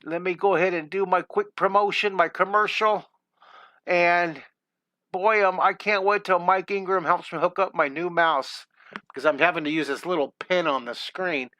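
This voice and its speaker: A man's voice: high voice, steady tone, moderate pace, bright, forceful tone, no room sound. A middle-aged man teaching a live drawing lesson, chatty and enthusiastic. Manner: upbeat, chatty, enthusiastic with exclamations.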